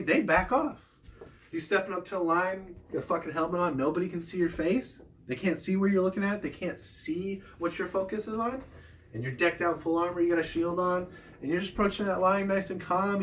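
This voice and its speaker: A man's voice: high voice, distant mic. A young man talking casually about combat tactics, swearing freely and painting vivid battle scenes. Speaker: combat sport player sharing tips. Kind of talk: casual profane monologue.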